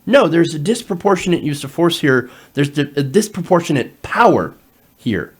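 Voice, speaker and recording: Animated, lively-voiced male political commentator. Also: on the high side, normal speed, breathy edge. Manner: animated, sarcastic asides, frequent fillers. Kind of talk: reading an article aloud with running commentary.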